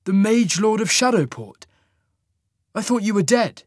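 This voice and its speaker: Defiant young hero, tense and loud, voiced by a male narrator. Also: high-pitched, expressive, measured pace, slightly rough, no room sound, clean studio sound, voice pushed up, exaggerated voice. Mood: defiant, angry.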